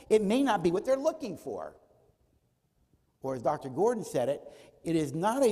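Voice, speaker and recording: A man speaks at a church conference in a warm, mellow voice. He asks rhetorical questions and answers them himself, acting out small exchanges between people. His words ring out with a long reverb from a large church hall. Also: high voice. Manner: acts out short dialogues in his talk. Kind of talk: teaching talk at a church conference. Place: church auditorium.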